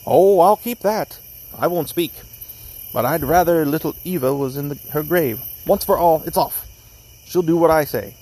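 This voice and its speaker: A man's voice: on the high side, normal speed, dark tone, husky, voice pushed up, rough recording. A man doing a furious young student. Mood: angry. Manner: raised, heated outbursts. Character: young male student, hot-tempered and defiant.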